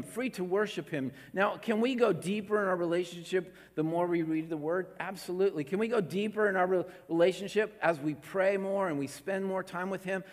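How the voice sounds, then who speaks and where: Emphatic preaching man in a reverberant hall. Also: sits high. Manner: emphatic, repeats words, swings between loud and hushed. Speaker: pastor. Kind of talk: sermon.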